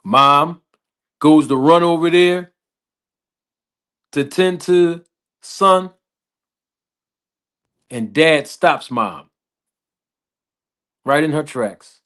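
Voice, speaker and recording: Man, slow-paced storyteller, slightly higher voice, repeats his lines, chatty podcast host. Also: a bit bright. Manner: slow, deliberate, repetitive storytelling with laughs.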